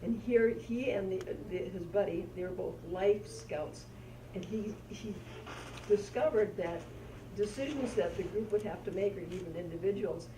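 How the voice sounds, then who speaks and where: A woman in a workshop telling a story about a boy, halting and restarting as she goes. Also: medium pitch. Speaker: workshop participant sharing a story. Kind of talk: telling an anecdote. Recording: distant voice in an echoey room, clear noise.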